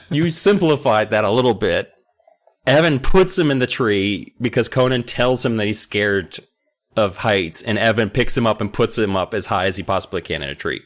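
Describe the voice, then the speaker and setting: A man's voice: fairly low pitch, expressive, moderate pace. A man co-hosting a podcast, chatting casually and joking while retelling a story. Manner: joking, playful retelling with crude put-on voices. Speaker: podcast co-host. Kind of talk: casual book recap chat.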